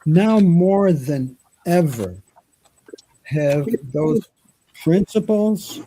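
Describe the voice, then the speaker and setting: A man's voice: on the high side, lively intonation, very slow, mellow, poor audio. A man hosting a live talk show, talking in a reflective, rambling way about responsibility and going inward. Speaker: host. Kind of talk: casual chat.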